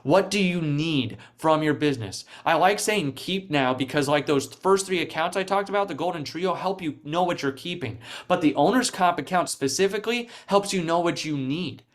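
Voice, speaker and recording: A man's voice: fairly high pitch, normal speed, few pauses. A man speaking as a guest in a casual interview, telling stories with energy, acting out quoted voices, and filling his talk with "like". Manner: animated storytelling, acting out quoted voices, frequent "like" fillers. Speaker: podcast guest, real estate coach.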